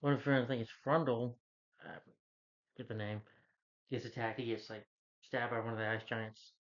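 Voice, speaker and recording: A man's voice: mid-range voice, level tone, normal speed, muffled recording. Man rambling through a movie recap. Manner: rambling, loose retelling full of "like" and "you know". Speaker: movie reviewer. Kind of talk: casual plot recap.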